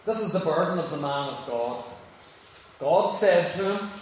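A man preaching a sermon, dramatic, acting out the voices he quotes and dropping from loud to hushed. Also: a little high, lively intonation, normal speed. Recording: very echoey, from far off the mic, faint noise.

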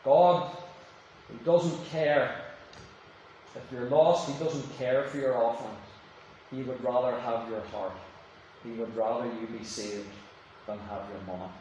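Preacher booming in an echoey hall. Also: male voice, unhurried, pauses often, dull audio. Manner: dramatic, acting out quoted voices, swings from loud to hushed. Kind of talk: sermon. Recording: very echoey, from far off the mic, faint noise.

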